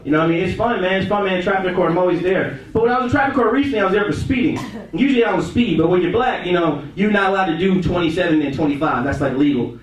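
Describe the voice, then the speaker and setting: A stand-up comedian with a high, light voice, talking loosely and casually to a small club crowd. He is heard from far off in a very echoey room. He drifts between his own voice and quick impressions. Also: dull audio. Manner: laid-back, conversational, slips into quick impressions. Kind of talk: stand-up set. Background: audience laughter.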